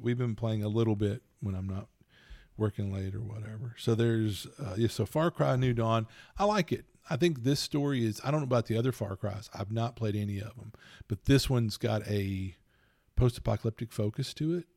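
Middle-aged male podcast host, gravelly, animated and rambling, dry booth sound. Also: on the low side, fairly quick, no echo. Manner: rambling, animated storytelling with laughs. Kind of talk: casual chat.

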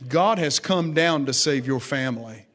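A man's voice: mid-range voice, animated, normal speed, a bit bright. A middle-aged pastor preaching a sermon, acting out scripture quotes with dramatic rises in his voice. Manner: dramatic rises when quoting God.

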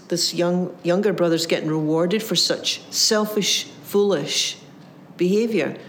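A woman preaching a sermon, retelling a parable with lively voiced quotes and frequent restarts. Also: lowish voice. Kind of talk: sermon storytelling.

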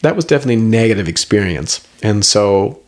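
A middle-aged man with a fairly low voice tells a long personal story as a guest. His delivery is animated and rambling, full of "like" and "you know" as he pushes through the tale. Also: fast talker. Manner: animated, rambling with many fillers. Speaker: guest, herbalist. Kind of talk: storytelling in conversation.

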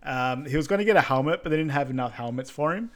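A man's voice: on the high side, quick pace. A man co-hosting a podcast, chatting casually and easygoing about a movie scene. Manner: relaxed, easygoing, short agreeing replies. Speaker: podcast co-host. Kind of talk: casual film recap chat.

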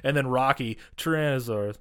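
A man co-hosting a podcast in casual chat, animated, swearing freely and acting out characters' lines as he recaps. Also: medium pitch, fairly quick. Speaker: podcast co-host.

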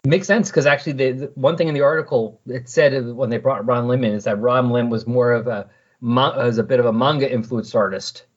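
Recapping scenes from comic books, a man hosts a casual podcast chat and performs the characters' dialogue with animation. He has a mid-range voice and a steady tone and speaks fairly quickly. The audio is dull.

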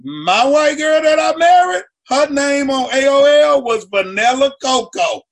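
A comedian guest on a talk show, telling stories in a lively way and acting out quotes, sometimes shouting. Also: male voice, extremely high pitch, measured pace, creaky. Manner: acts out quotes with loud shouting asides. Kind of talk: animated storytelling on a talk show.

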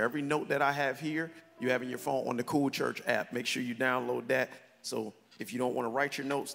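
A man preaching a sermon as pastor to a congregation, lively and conversational with call-and-response, swinging from shouts to soft tones. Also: medium pitch, gravelly. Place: large church hall with congregation. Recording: long reverb from a church hall, faint music.

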